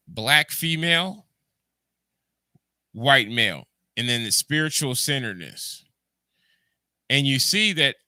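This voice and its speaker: A podcast host with a Jamaican accent runs a casual livestream, rambling through ideas, repeating words and responding to his chat. His voice is medium-pitched and sharp, with no room sound.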